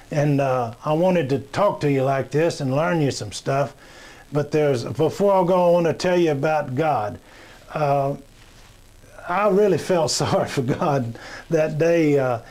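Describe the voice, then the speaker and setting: A man telling rambling jokes in a folksy, plain-spoken way, with many pauses. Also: fairly high pitch, a little mellow. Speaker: comedian. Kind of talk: rambling joke telling to camera. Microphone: webcam or camera in front.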